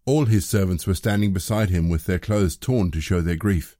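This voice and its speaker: A man reading scripture as scripted narration, measured and even. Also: sits low, no room sound, clean studio sound. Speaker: scripture reader.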